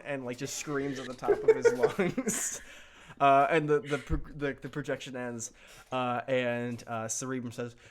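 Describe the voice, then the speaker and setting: A man's voice: mid-range voice, animated, moderate pace. Man game master, improvised comedic tabletop narration, loose and rambling. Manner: loose, rambling, many fillers.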